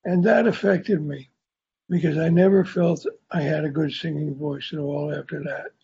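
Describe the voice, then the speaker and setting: A man's voice: on the high side, steady tone, moderate pace, gravelly, a little mellow, muffled recording, a little hiss or hum. An older man with a sore tongue sharing his story at a recovery meeting in a candid, rambling, self-deprecating way. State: sore tongue, speaking carefully. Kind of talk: personal recovery share.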